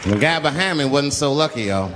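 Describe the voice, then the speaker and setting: A man's voice: medium pitch, expressive, a little fast, a loud crowd, heavy background noise. A man doing stand-up, telling a profane story with lots of acted-out voices. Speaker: stand-up comedian.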